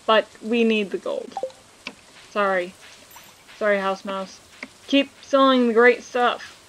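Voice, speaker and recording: A woman's voice: medium pitch, slow pace, slight background noise, low-quality recording. A woman hosting a casual let's play, chatting and joking with viewers as she plays. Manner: reads game dialogue aloud. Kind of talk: casual gameplay commentary.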